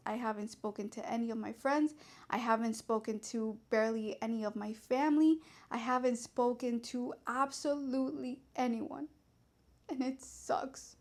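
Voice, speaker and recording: A woman's voice: on the high side, darkish tone. A young woman talking candidly and at length to camera in a confessional vlog, rambling and swearing freely. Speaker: vlogger. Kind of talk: personal confessional talk.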